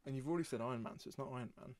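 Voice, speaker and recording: A man's voice: mid-range voice, very fast, a little mellow, dry recording. A young man co-hosting a casual podcast, chatty and mocking himself. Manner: chatty, self-mocking, laughing often. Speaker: podcast co-host. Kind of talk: casual chat.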